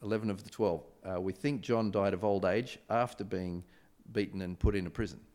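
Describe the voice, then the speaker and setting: Male preacher, lowish voice, chatty sermon delivery, lots of ums and restarts. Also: a little fast. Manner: conversational, animated retelling with many fillers and restarts.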